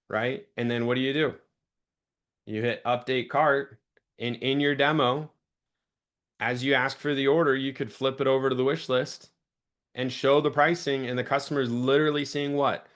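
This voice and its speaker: A young man coaching a sales team in an energetic teaching talk, shifting his pace and volume to stress points. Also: medium pitch. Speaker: sales trainer.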